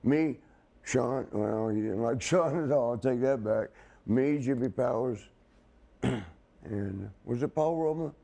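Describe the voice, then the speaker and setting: A man's voice: mid-range voice, takes it slowly, creaky, dark tone. A man telling a rambling story as a guest in a casual chat, laughing as he goes. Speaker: wrestling guest.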